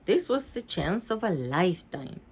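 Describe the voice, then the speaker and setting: A woman, a mother, reading a children's book aloud with chatty asides at home, expressive and laughing easily. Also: on the low side, moderate pace, husky. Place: at home with her dog.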